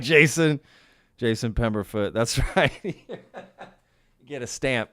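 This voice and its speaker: A man's voice: lowish voice, expressive, slow, a bit bright, smooth, no echo, clean studio sound. Upbeat man hosting live chat. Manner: upbeat, laughs often, greets viewers by place. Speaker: podcast host reading live chat. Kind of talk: casual live-stream chat.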